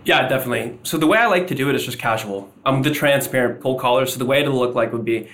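A man's voice: mid-range voice, fast talker, a bit bright. Casual man acting out cold calls. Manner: casual, acts out sample cold-call lines. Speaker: sales guest. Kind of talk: casual podcast interview.

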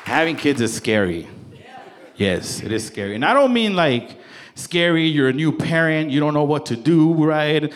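A man in his thirties performing a playful, conversational stand-up set, slipping into quick voices for his wife and kids. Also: fairly high pitch, lively intonation. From Salvadoran heritage. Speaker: stand-up comedian. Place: comedy stage before a live audience. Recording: live crowd laughter and room noise.

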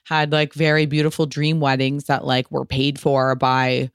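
A woman in her thirties hosting a solo podcast, answering listener questions in a candid, profane, animated way. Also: very deep voice, moderate pace, clear, resonant tone, no room sound, clean studio sound. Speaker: podcast host.

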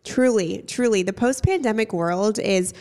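A woman's voice: medium pitch, unhurried, darkish tone. Blunt, swearing young woman podcast host. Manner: blunt, swears freely, teasing. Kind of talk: casual chat.

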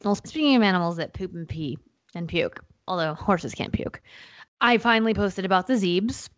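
A young woman co-hosting a podcast, chatting casually and laughing easily as she talks in quick bursts. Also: on the low side, expressive. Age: young adult. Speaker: podcast co-host. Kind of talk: casual chat.

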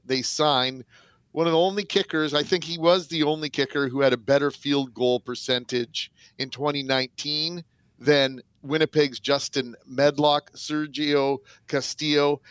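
A man hosting a sports morning radio show, talking in a steady, measured way. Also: medium pitch, clear, resonant tone, dry recording. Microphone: studio microphone.

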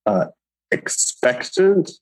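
Man, class participant, video call, lively pitch, hesitant, dry. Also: extremely slow, dry recording. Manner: hesitant, searching for words. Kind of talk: online class discussion.

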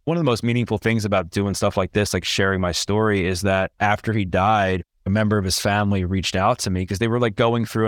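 A man with a fairly low voice speaks as an interview guest, recounting his story with candid earnestness and open feeling. His delivery is heartfelt and conversational. The recording is close and dry. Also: dry recording. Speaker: podcast guest.

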